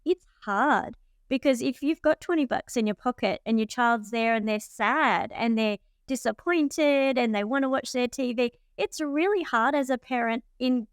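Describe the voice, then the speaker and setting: A woman's voice: fairly high pitch, clear, resonant tone, no echo, studio quality. A middle-aged woman co-hosting a podcast, reflecting thoughtfully on parenting in a casual discussion. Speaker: podcast co-host.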